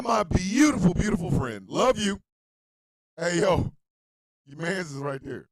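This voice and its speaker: A man hosts a comedic internet radio show, talking straight at his listeners in crude slang and often breaking into shouts. His high voice leaps all over the place and carries a gravelly edge. The sound is dry and close, with no room around it. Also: unhurried, long pauses, dry recording, low-quality recording. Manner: loud, animated, often shouting and laughing.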